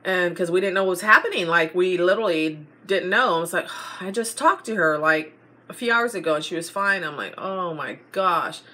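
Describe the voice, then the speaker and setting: Chatty bright-voiced woman vlogger. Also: fairly low pitch, brisk. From Texas. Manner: chatty, rambling storytelling with many fillers. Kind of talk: casual chat to camera.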